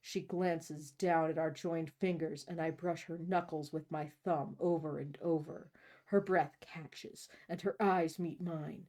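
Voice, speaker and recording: A woman host reading a novel aloud in a deadpan way, breaking off for jokey asides. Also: sits low, unhurried. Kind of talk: comic read-aloud of a novel.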